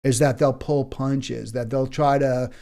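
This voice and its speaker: A man's voice: mid-range voice, fairly even intonation, unhurried, vocal fry, mellow. A man with an American accent hosting a solo political commentary show, talking in an impassioned way with emphatic repetition and frequent fillers and restarts.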